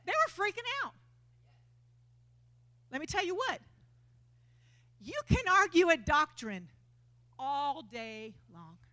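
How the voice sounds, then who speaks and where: A woman preacher delivering a lively, conversational sermon in a church, acting out quotes as she goes, with a Texan accent. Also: high-pitched, slow pace, long pauses.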